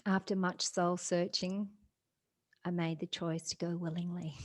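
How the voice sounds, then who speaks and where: A woman telling her own story slowly and earnestly, with a slightly low voice. Her telling is emotional and heartfelt, with soft laughs slipping in between phrases. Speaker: storyteller sharing a personal story. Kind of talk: personal testimony.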